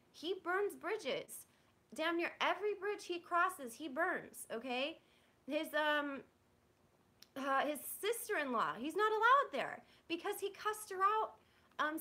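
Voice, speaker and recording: High bright-voiced young woman venting. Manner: rambling, blunt, profane, frustrated. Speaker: vlogger. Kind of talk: candid venting to a live audience.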